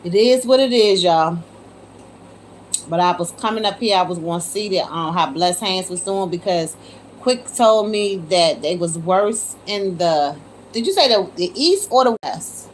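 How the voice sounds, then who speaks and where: Chatting live with viewers from her phone, this host calls everyone y'all and often exclaims in disbelief. Her voice is on the low side, animated yet unhurried, against slight background noise.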